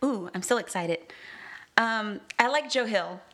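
A woman's voice: medium pitch, lively intonation, a little slow, sharp tone. A woman co-hosting a podcast, chatting casually and enthusiastically, often trailing off mid-sentence. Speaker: podcast co-host. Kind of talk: casual chat.

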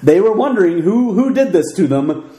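A man co-hosting a casual podcast, recapping a TV episode in a relaxed, hesitant way with many fillers. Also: high voice, normal speed. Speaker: podcast co-host. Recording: echoey room.

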